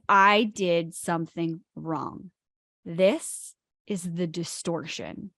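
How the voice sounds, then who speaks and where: A woman's voice: mid-range voice, no room sound, studio quality. A woman co-hosting a spiritual talk show, stressing key words as she explains ideas. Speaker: podcast co-host.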